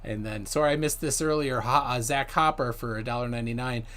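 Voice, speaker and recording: A man's voice: mid-range voice, a little fast, a bit bright. A man hosting a live stream, chatting casually, laughing and reading viewer comments aloud. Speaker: livestream host.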